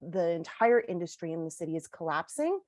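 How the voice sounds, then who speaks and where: At a townhall, a Canadian frontline social services worker vents bluntly and angrily, her speech full of "like" and "you know." Her lowish, darkish voice is very animated and a little fast, captured in a dry recording.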